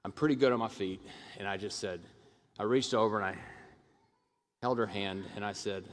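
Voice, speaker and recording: A man's voice: on the low side, normal speed. A middle-aged man giving a commencement speech as a hospital administrator, telling stories and acting out the voices of the people in them, with frequent restarts. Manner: animated storyteller who acts out quoted voices, frequent restarts. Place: large ceremony hall. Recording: long reverb of a large hall.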